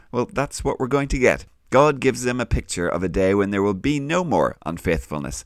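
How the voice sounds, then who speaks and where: A middle-aged man with a Northern Irish accent who hosts a children's Bible podcast, explaining things gently and patiently. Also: fairly low pitch, no room sound, clean studio sound. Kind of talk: warm scripted kids' Bible teaching.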